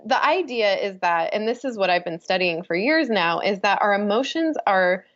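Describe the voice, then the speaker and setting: A woman's voice: medium pitch, expressive, normal speed, fairly bright tone, muffled recording. A woman coach, a guest on a podcast, talking in an earnest, flowing way with many fillers. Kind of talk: casual interview talk.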